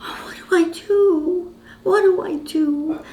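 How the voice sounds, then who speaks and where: An old woman putting on a soft fretful young starlet. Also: high-pitched, level tone, unhurried, recorded from a distance, voice pushed up. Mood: anxious. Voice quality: quiet, breathy little voice. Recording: roomy echo.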